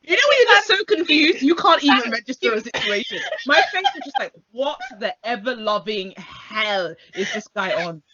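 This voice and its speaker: A woman's voice: fairly high pitch, normal speed, hardly any pauses, crowd noise. A young woman, co-hosting a casual chat and telling stories with acted-out exchanges. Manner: animated storytelling, acting out quoted exchanges. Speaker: podcast co-host. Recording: dull lo-fi sound.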